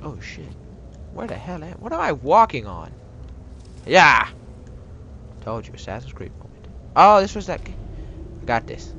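A man giving casual gameplay commentary, excitable and profane, breaking into shouted outbursts and goofy sing-song. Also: a little high, normal speed, vocal fry, long pauses, muffled recording, slight background noise.

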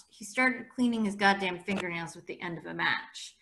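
A woman English teacher reading a novel aloud for her class in a steady, conversational way. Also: medium pitch, moderate pace, vocal fry, slight background noise.

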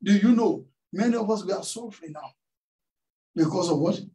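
A pastor preaching in church, his voice fairly high-pitched but mellow and dark in tone. He tells a story and keeps throwing questions out to the congregation, and he sounds set back from the microphone. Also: moderate pace, recorded from a distance, low-quality recording. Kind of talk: sermon. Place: church hall.

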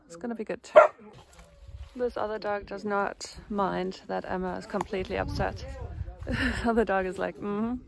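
A woman's voice: medium pitch, steady tone, moderate pace, vocal fry, very noisy. A young woman vlogging outdoors at a rural property, chatty and laughing often as she calls out to her dog. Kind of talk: casual vlog narration while filming. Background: dogs barking.

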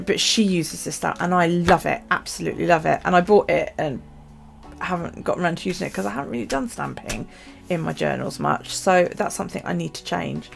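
A chatty woman vlogging about her journal, her voice low-pitched and heavily gravelly. She rambles on in a relaxed way, full of ums and small asides, with soft guitar music playing faintly behind her. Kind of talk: casual chat.

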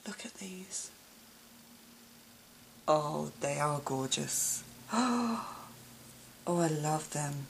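Slow-talking woman oohing at craft gifts, low gravelly voice, a little faint hiss behind. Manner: gushing, gasping and sighing with delight; often drops to a soft whisper. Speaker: craft vlogger. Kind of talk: gift unboxing vlog.

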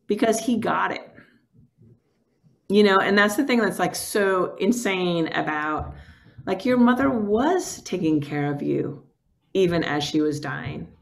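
A woman filmmaker telling personal stories in a candid, emotional way, with many "like" fillers, over a video call. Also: medium pitch. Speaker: documentary filmmaker guest. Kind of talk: candid conversational storytelling.

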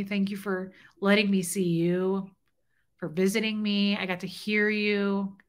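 Her pitch is medium and her tone level, and she speaks at a measured pace. This middle-aged livestream host reads out viewer comments casually, sounding chatty, heartfelt and openly emotional.

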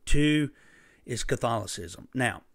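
A man preaching a sermon through a personal story, impassioned and emphatic, with sudden loud bursts. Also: medium pitch, animated, slow pace, no room sound, clean studio sound.

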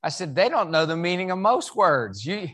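A man with a Southern accent gives a keynote at an event, spinning folksy jokes and stories. His voice sits a little high for a man. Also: big pitch swings, moderate pace, fairly bright tone. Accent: Southern American. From West Virginia. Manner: folksy, joking storyteller. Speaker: keynote speaker. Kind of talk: humorous motivational talk. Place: event hall.

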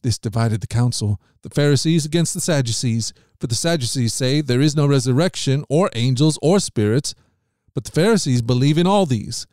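A man of middle pitch reads scripture in an even, measured way, lifting his voice a little whenever someone is quoted. The sound is dry and close to the mic, with no room around it. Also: no echo. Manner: measured, steady reading with lifts on quoted lines. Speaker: podcast host reading scripture. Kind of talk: scripted Bible reading.

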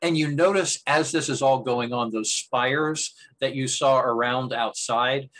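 Male game master, mid-pitched, rambling conversational narration. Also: measured pace, fairly bright tone, low-quality recording. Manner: meandering narration with frequent restarts.

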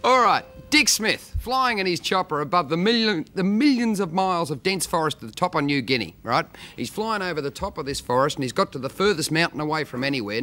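An Australian man telling jokes on a TV show, a lively storyteller who acts out the characters. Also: a little high. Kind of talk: joke telling.

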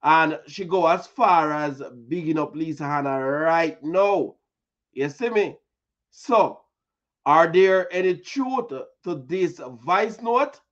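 Slow-talking Jamaican news show host. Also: mid-range voice, fairly bright tone, muffled recording. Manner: chatty, repeats words and fillers. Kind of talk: casual news commentary.

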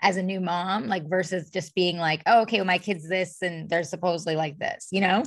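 A woman in her thirties hosts a podcast in a chatty, enthusiastic way, full of fillers. Her voice sits a bit low for a woman. The sound is close and dry. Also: steady tone, a little fast, no echo. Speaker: podcast host. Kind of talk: casual podcast conversation.

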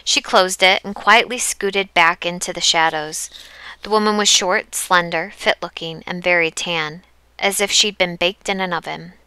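A woman narrating an audiobook chapter with steady, even storytelling. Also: on the low side, moderate pace, smooth, no room sound. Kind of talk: scripted narration.

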